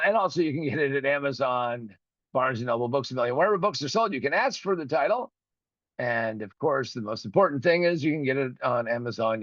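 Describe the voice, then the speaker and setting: A man's voice: medium pitch, a bit bright, dry recording. A man hosting his own show, ranting with profanity and indignation and acting out both sides of a phone call. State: recovering from a broken finger. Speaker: podcast host. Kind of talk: ranting monologue.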